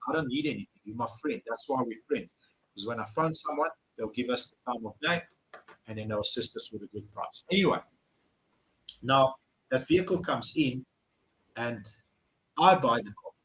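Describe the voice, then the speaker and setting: A man's voice: mid-range voice, animated, normal speed, long pauses, fairly bright tone, low-quality recording. A man with a South African accent, a car dealer hosting a live Q&A and telling stories bluntly, swearing when riled. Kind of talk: casual live Q&A storytelling.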